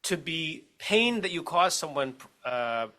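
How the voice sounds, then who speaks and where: A man's voice: a little high, sing-song, a little slow, sharp tone. A man with an American accent, a rabbi teaching a text study class over a video call, explaining step by step and checking in with his listeners as he goes.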